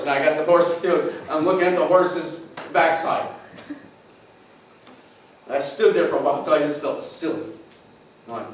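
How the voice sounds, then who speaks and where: A middle-aged male pastor telling a personal story in a sermon, emotional and halting, often restarting his sentences. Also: high voice. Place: large church hall. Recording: echoey church hall from far off, faint noise.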